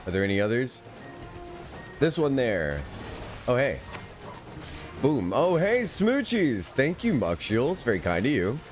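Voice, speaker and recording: A man's voice: medium pitch, very animated, a little slow, pauses often, soft background music. A man streaming himself playing an online game, chatting to viewers and teammates in a loose, giggly way. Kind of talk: live gameplay commentary.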